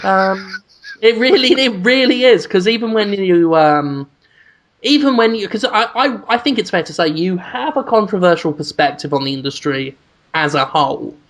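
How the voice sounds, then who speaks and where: A man's voice: sits high, expressive, moderate pace, a bit bright. A man co-hosting a podcast in casual chat, full of crude, joking banter and frequent restarts. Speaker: podcast co-host.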